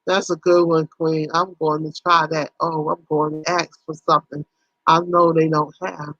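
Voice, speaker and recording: A woman's voice: low-pitched, flat delivery, moderate pace, fairly bright tone, dry recording, dull audio. A woman hosting a casual livestream, chatting in a folksy way with her viewers and acting out little conversations. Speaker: livestream host.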